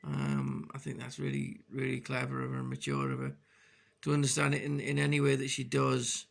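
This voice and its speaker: A man's voice: mid-range voice, lively intonation, fairly quick, vocal fry. A man talking frankly in a personal video diary, hesitant and full of restarts as he opens up about struggling. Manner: hesitant, many restarts and fillers. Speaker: vlogger.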